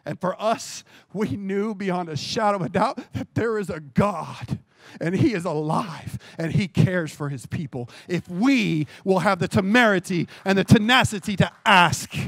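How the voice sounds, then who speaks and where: Male pastor, high pitch, dry close sound; lively sermon testimony, repeats phrases for emphasis. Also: unhurried, no room sound.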